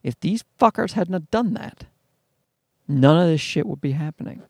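Man, profane exasperated storyteller, slightly high voice, dry close sound. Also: expressive, moderate pace, vocal fry, a little mellow, dry recording. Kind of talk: comic ranting anecdote.

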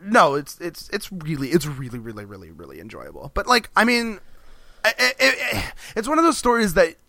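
Podcast guy rambling and laughing, crisp bright voice, dry close sound. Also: sits high, very animated, normal speed, no echo. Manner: rambling, restarts often, laughs between phrases. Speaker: podcast co-host. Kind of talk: casual chat.

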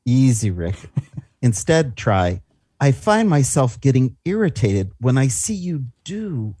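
A man co-hosting a Christian teaching show, reading scripture in a calm, measured way. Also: medium pitch, husky, no room sound, studio quality. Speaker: Christian radio co-host.

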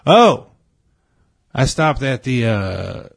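A man's voice: mid-range voice, sing-song, very slow, gravelly, dry recording, faint music behind. A man in crude, casual banter, telling rambling, profane stories as a podcast co-host.

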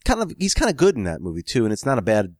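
A man's voice: medium pitch, huge pitch swings, racing, no echo, studio quality. A man telling a long anecdote about his screenwriting work in a casual chat, laughing often and acting out quoted phone calls. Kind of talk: casual podcast storytelling.

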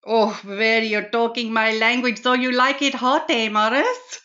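A woman's voice: a little high, steady tone, moderate pace, bright, forceful tone, muffled recording. A woman putting on a cheeky auntie. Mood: teasing. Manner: teasing, flirtatious, playful.

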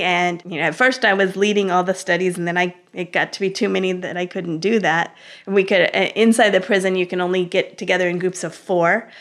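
A woman's voice: on the low side, fairly bright tone. Earnest woman telling her story. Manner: earnest, heartfelt recounting. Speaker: interview guest. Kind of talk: personal storytelling in an interview.

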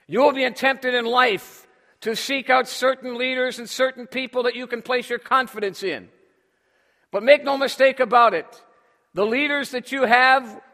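A man's voice: very high-pitched, sharp tone. A man preaching a sermon with emphasis, drawing responses from his congregation. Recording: long hall reverb.

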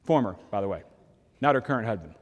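A man's voice: fairly low pitch, lively intonation, quick pace, in a large hall. An older man, preaching a sermon in a conversational storytelling way, with sudden emphatic rises. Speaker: pastor.

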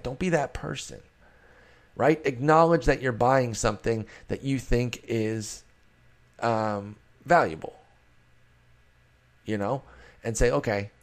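A man hosting a solo fantasy baseball show, talking casually and rambling in a self-deprecating way. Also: mid-range voice. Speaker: fantasy baseball podcast host.

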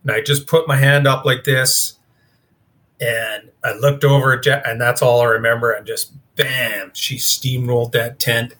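A man's voice: medium pitch, steady tone, a little slow, a bit bright. A man, a guest in an interview, recounting a story in a casual, rambling way with lots of fillers. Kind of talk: storytelling in conversation.

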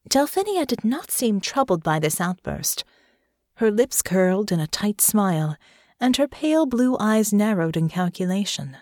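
A woman with a mid-range voice narrates a scripted fantasy audiobook, telling the story expressively at a moderate pace. The recording is dry and studio quality.

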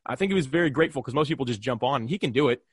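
A young man, a podcast guest, telling lively anecdotes in casual conversation and acting out the dialogue as he goes. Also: medium pitch, breathy edge, no room sound, studio quality. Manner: animated, quick anecdotes with acted-out dialogue.

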